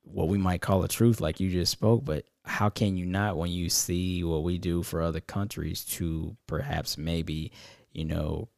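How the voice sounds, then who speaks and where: A man's voice: deep voice, steady tone, unhurried, vocal fry, darkish tone, no echo, clean studio sound. A man co-hosting a podcast, talking thoughtfully and reflectively in casual conversation. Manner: thoughtful, reflective, searching for words. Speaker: podcast co-host.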